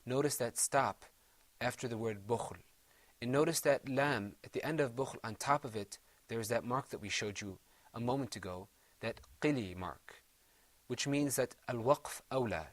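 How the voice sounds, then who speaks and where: Calm guy teaching recitation, patient and encouraging, voice goes soft after praise, dry close sound. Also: mid-range voice, no room sound. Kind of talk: gentle classroom instruction.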